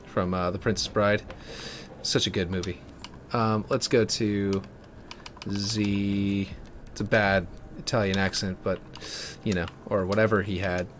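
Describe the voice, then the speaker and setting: A man giving casual, rambling commentary as he builds a game map, thinking out loud and correcting himself as he goes. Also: lowish voice, little pitch movement, a little slow, background noise.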